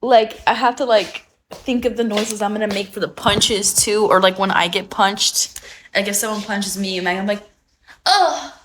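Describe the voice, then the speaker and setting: A woman's voice: mid-range voice, level tone, normal speed, a bit bright, a little hiss or hum, low-quality recording. A young woman from the United States, chatting casually on a phone livestream at home, giggly and freely swearing.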